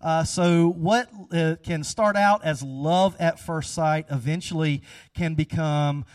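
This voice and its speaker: A man's voice: on the high side, slow pace, clear, resonant tone, dry recording, clean studio sound, far from the mic. A man leading a casual, chatty sermon after an audience guessing game, upbeat and repeating himself.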